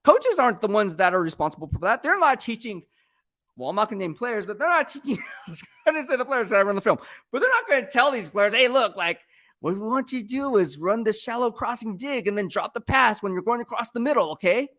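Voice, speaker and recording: A man's voice: high voice, big pitch swings, fast talker, sharp tone, no room sound, studio quality. A man hosting a casual live-stream sports talk show, arguing his points with rhetorical questions and repeated phrases. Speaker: sports commentator host.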